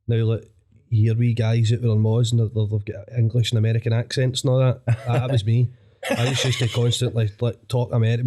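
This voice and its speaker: A man's voice: mid-range voice, warm tone. A young man with a Glaswegian accent, a guest comedian chatting casually on a podcast, sweary and rambling, laughing often. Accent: Scottish, Glaswegian.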